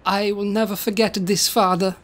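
A woman's voice: medium pitch, level tone, moderate pace, close to an everyday voice. Lady doing a simple childlike robot in knight armor, broken english, kinda naive. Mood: earnest.

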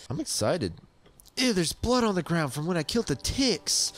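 A man's voice: mid-range voice, huge pitch swings, takes it slowly, a bit bright. A young man in his twenties narrating his own gameplay casually, easily startled and prone to yelps and shrieks. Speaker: let's play gamer.

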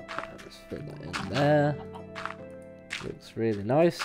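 A man's voice: medium pitch, big pitch swings, slow, long pauses, over music. A man giving casual gameplay commentary as a let's play host, rambling and hesitant with many fillers.

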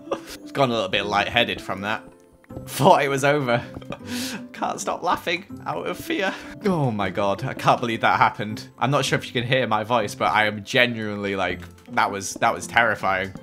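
A young man giving chatty, excitable commentary while playing a video game. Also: on the low side, moderate pace, over music. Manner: excitable, chatty, jumpy exclamations. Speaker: gaming YouTuber. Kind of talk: casual Let's Play commentary.

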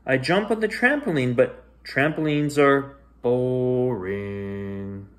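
Reading a picture book at bedtime, a storyteller for children takes his time and stays gentle. His voice rests at a normal middle pitch but rises into sing-song peaks and drops to quiet, hushed passages as the tale goes on, giving an expressive reading.

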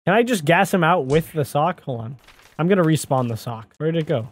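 A man hosting a gaming video, giving excitable let's play commentary and talking to the game character as he plays. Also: on the high side, fairly quick. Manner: excitable, talks to the game character, often exclaims. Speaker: gaming channel host.

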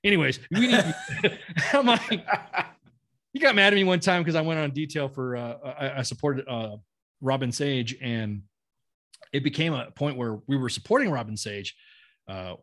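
A middle-aged retired army sergeant major, a podcast guest whose first language isn't English, tells stories casually in a blunt, profane, quick-talking manner. His medium-pitched voice sounds animated, bright and forceful.

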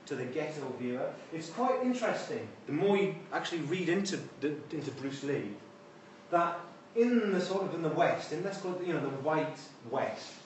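A man with a fairly high, lively voice gives an informal university lecture at normal speed, dropping wry, conversational asides. A distant room mic picks him up from far off in an echoey lecture hall, with slight background noise.

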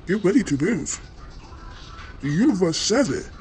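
A woman voicing a boastful fox that brags and taunts at a rapid clip. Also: lowish voice, very animated, a little mellow, slight background noise. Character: cocky boastful fox, fast-talking.

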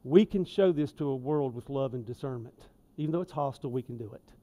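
A man preaching a sermon in a church, folksy and conversational, with emphatic asides and swings in loudness. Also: mid-range voice, fast talker. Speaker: lay preacher. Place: church sanctuary.

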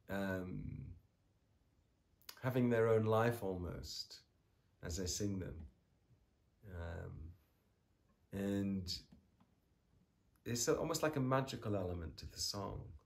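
A man teaching a song in a guitar tutorial, talking in a reflective, searching way with many pauses and restarts. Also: on the low side, a little mellow. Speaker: music teacher.

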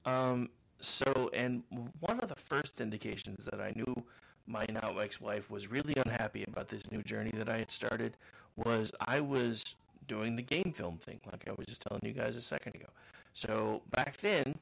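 A man's voice: mid-range voice, normal speed, gravelly, fairly bright tone. A middle-aged man with a trained radio voice, hosting a podcast and telling a long, rambling, self-mocking story full of restarts. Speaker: podcast host. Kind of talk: casual monologue.

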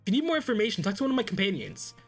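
A man reading out a game desk clerk's dialogue, explaining rank rules in a flat, matter-of-fact way in a lower, quieter voice. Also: racing, faint music behind, exaggerated voice. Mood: businesslike.

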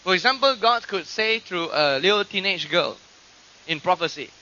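A man preaching a sermon, teaching from scripture and acting out quoted voices with animated emphasis. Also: high voice, fairly quick. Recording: dull lo-fi archive recording.

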